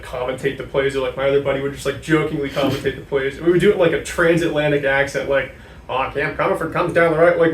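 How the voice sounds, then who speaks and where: A young man from New Hampshire, a guest talking casually in an interview and filling his sentences with "like". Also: medium pitch. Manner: chatty, many "like" fillers. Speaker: guest, sports information director. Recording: echoey room, mic at a distance, faint noise.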